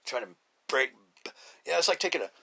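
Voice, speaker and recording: A man's voice: medium pitch, expressive, quick pace, vocal fry, pushed and bright, slightly rough. A middle-aged man hosting a podcast, talking in a blunt, rambling casual monologue full of fillers and restarts. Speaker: podcast host.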